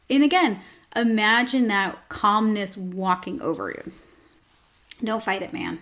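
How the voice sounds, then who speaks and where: A woman's voice: mid-range voice, unhurried, fairly bright tone. A woman hosting her own show, chatting casually with lots of fillers and joking asides. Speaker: host. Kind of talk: casual chat.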